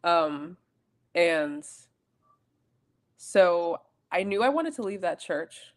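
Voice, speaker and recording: A woman's voice: on the low side, expressive, extremely slow. A young adult woman co-hosting a podcast, telling a personal story in a rambling, chatty way with self-corrections. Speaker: podcast co-host. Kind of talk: casual chat.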